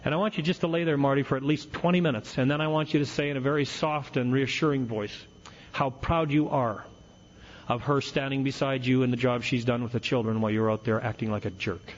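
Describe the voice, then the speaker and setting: A man's voice: medium pitch, steady tone, fairly quick, lightly acted. A man doing a blunt old AA old-timer. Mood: lecturing. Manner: blunt, lecturing, bossy. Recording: dull lo-fi recording with faint hiss.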